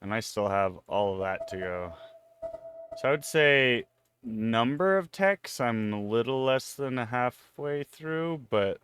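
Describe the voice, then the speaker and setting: A man streaming a game live, out of breath and chatting casually, sighing and laughing softly, sometimes turning from the mic. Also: mid-range voice, lively intonation, unhurried, clear, resonant tone. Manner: chatty, self-deprecating, sighs and laughs softly.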